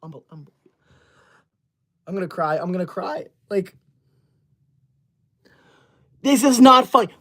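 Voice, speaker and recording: A woman's voice: mid-range voice, animated, takes it slowly, long pauses, fairly bright tone. Woman streamer, mock-outraged scolding, playful huffy tone, mid-range voice. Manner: mock-indignant, scolding viewers in a theatrical huff. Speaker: livestreamer. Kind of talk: livestream chat with viewers.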